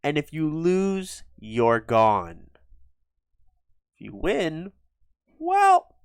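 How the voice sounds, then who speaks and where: A man's voice: a little high, huge pitch swings, extremely slow, clean tone, dry recording, studio quality, pitched above the performer's own voice, exaggerated voice. A man voicing a smug, scheming middle-aged wrestling boss in a casual retelling.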